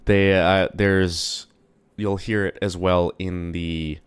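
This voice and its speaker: A man's voice: low-pitched, flat delivery, takes it slowly, smooth, soft background music. Rambling, slightly sick young streamer man. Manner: rambling, profane, self-deprecating. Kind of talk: casual live-stream chat.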